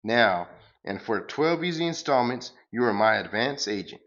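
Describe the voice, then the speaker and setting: A man voicing a pompous cosmic salesman giant who makes grandiose, drawn-out proclamations while reading a parody comic aloud. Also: medium pitch, animated, fairly bright tone, highs cut off, natural voice.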